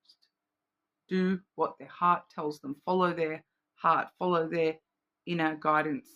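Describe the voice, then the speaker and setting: A woman's voice: low-pitched, level tone, measured pace, a bit bright, lo-fi sound. An Australian woman giving a casual, intuitive card reading, rambling with many fillers and restarts. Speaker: card reader.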